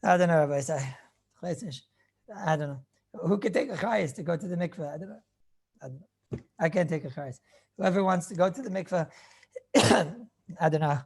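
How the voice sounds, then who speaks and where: A rabbi with a gravelly, husky voice teaches a casual class on Jewish law. He rambles and circles back on his words. His English is peppered with Hebrew and Yiddish terms. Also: on the high side, moderate pace, long pauses. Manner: rambling, repeats words and restarts phrases.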